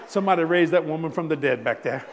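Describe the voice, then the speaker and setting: High-voiced preacher man in an echoey hall. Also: background noise. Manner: swings from loud exclamations to hushed near-whispers; conversational, laughs with the crowd. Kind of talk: sermon with storytelling.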